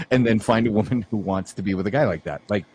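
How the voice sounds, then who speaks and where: A man's voice: on the low side, brisk, darkish tone, slight background noise. A man co-hosting a casual podcast, reading an article aloud and giving blunt opinions on it. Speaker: podcast co-host.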